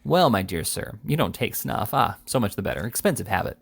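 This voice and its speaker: A man's voice: on the low side, sing-song, a little fast, gravelly, husky, heavily acted. A man voicing a bustling little male attorney who coaxes and haggles, forever saying "my dear sir.". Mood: wheedling. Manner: coaxing, repeats "my dear sir".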